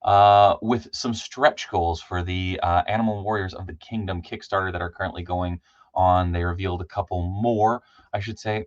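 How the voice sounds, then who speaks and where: A man hosting a casual live stream, chatty and loose, shouting out viewers by name with lots of ums. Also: low-pitched, fairly even intonation, normal speed, no echo, muffled recording. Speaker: livestream host.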